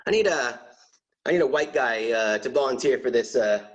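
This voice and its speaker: Stand-up comic on a video call. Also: male voice, medium pitch, expressive, moderate pace, rough recording. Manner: chatty, acts out voices in his bits. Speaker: stand-up comedian. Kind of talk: virtual stand-up set.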